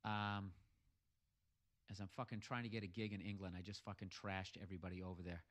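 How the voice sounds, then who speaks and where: The American podcaster's voice sits low, with a level tone and a fairly quick pace. He swears heavily and mocks sarcastically while reading listener messages in a comic rant.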